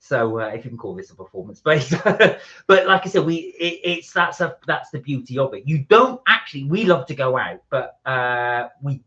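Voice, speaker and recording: A man's voice: medium pitch, very animated, moderate pace, bright, forceful tone. A man co-hosting a casual live chat from home, rambling as he greets viewers by name and reads out their comments. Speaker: co-host of a live chat stream. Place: at home indoors. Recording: slightly dull lo-fi stream audio.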